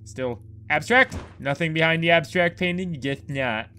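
A man's voice: a little high, a little slow, bright, forceful tone, a little hiss or hum. A young man giving jokey, swearing let's play commentary, ranting at the game. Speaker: gaming youtuber.

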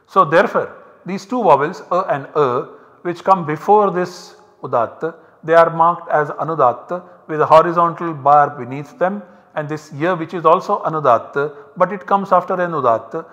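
A university lecture is delivered by an Indian man whose fairly bright voice sits on the high side, with an Indian English accent. He explains in a measured way and points to slide examples. The recording has long reverb, and its highs are cut off.

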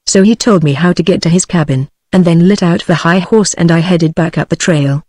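A synthetic woman's voice with a British English accent reads a story aloud in a steady, even way. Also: on the low side, fairly quick, hardly any pauses, no echo. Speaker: narrator. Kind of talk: text-to-speech audiobook reading.

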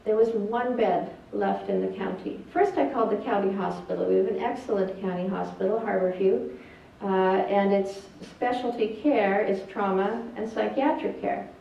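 Older woman, doctor giving a talk; earnest, halting; far off, echoey hall, dull lo-fi sound. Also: mid-range voice, vocal fry, dark tone. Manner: earnest and plainspoken, with hesitations. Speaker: speaker telling a family story. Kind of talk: presentation. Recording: distant echoey lo-fi hall recording.

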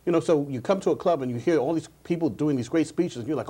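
Talking fast in a slightly high, warm, husky voice, a man who coaches public speaking tells earnest stories as a TV talk show guest. In his interview answers, he often repeats his words.

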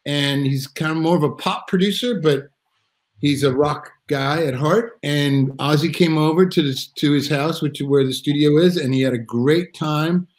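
Animated rambling man on a video call. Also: fairly high pitch, normal speed, poor audio. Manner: animated, rambling with restarts and acted-out quotes. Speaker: drummer guest. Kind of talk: casual storytelling in a live video chat.

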